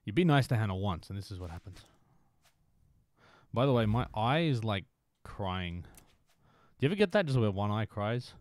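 This fairly low, slightly mellow male voice is very animated, moving at a moderate pace with frequent pauses and no echo. While playing a motorbike game on stream, he teases his chat playfully and slips into occasional whispers.

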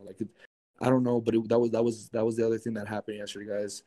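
A young man telling a spooky personal story in casual, animated speech, full of swearing and filler words. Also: lowish voice, fast talker, low-quality recording. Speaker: guest.

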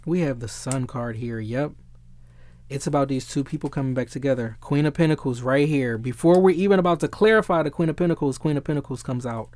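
A man giving a casual tarot reading who gets excitable, swears freely and often searches for the right word. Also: mid-range voice, brisk, no room sound. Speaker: tarot reader.

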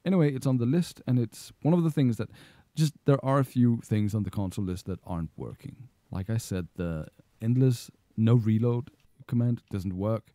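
A man's voice: medium pitch, normal speed, mellow, dry recording. A man giving a casual video game tutorial, rambling and correcting himself with playful asides. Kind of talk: casual screen-recorded tutorial.

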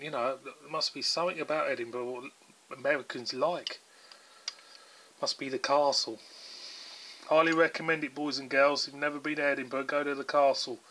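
Chatty southern English man, bright voice. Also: medium pitch. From England. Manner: chatty, rambling, filler-heavy. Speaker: beer reviewer. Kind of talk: casual video review.

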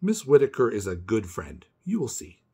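Storybook role: wise gentle old man, slow and plain-spoken, read by a man, slightly husky. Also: on the low side, wildly swooping pitch, heavily acted. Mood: calm.

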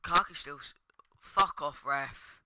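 A man's voice: a little high, unhurried, pushed and bright, no echo. A young man commenting casually on his own gameplay, swearing and muttering under his breath. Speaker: gaming streamer.

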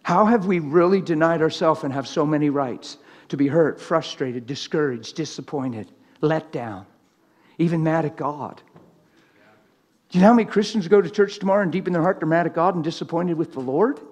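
A man's voice: on the high side, moderate pace, a little mellow, big-room sound. A middle-aged man preaching a live sermon in a church, plain-spoken and teasing, laughing along with the crowd.

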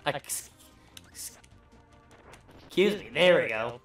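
Casting: man, higher-pitched, loose and profane game commentator, recorded in an echoey room away from the mic. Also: normal speed, a bit bright, distant mic, soft background music. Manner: profane, rambling, joking. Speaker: let's play host. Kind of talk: casual gameplay commentary.

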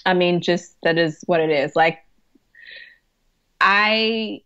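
A woman with a lowish, pushed, bright voice and a clean tone speaks slowly, though the audio itself is dull. In a podcast interview she shares stories as a hospice chaplain and grief coach, chatty and quick to laugh, with lots of "like."

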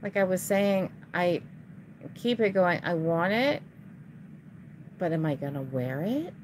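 A woman's voice: fairly low pitch, expressive, unhurried, a little mellow, a little hiss or hum. A woman chatting casually to viewers at home while showing resale items, easily frustrated, sighing and grumbling at her camera.

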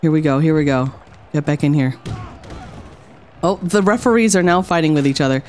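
A woman's voice: deep voice, a little fast, a little mellow, slight background noise. A woman streaming a game, commenting casually and theatrically. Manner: playful, theatrical, lots of exclamations and laughs.

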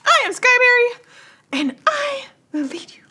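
A woman voicing Skyberry, a small, bossy female pixie leader who speaks in a high, piping voice. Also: big pitch swings, fairly quick, sharp tone, heavily acted. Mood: commanding.

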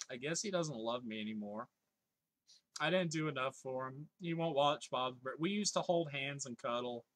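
A man's voice: medium pitch, bright, forceful tone. A man in his thirties streaming live, chatting casually, reading viewers' comments aloud and laughing often.

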